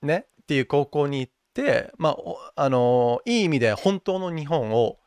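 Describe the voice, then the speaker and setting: A young man with a mixed international English accent and a gravelly, fry-tinged voice talks casually as an interview guest. He slips easily between English and Japanese, with plenty of fillers. His voice sounds close and dry, with no room around it. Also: a little high, expressive, fast, darkish tone, no echo.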